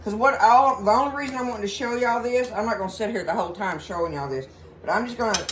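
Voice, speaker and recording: A woman's voice: mid-range voice, quick pace, slight background noise. Folksy Southern woman cooking at home. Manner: folksy, chatty, addresses viewers as y'all. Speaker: cooking show host. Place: home kitchen with food sizzling.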